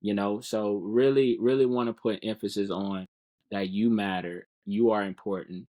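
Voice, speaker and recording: A man's voice: fairly low pitch, steady tone, normal speed, dull audio. A man speaking as a guest in a casual podcast interview, earnest and encouraging, often repeating words while he finds them.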